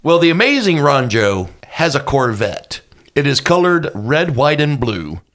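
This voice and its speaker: A man's voice: a little high, big pitch swings, measured pace, a bit bright. A man playing a tabletop game, describing his character in a playful, jokey way. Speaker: player. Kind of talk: casual comedic game chat.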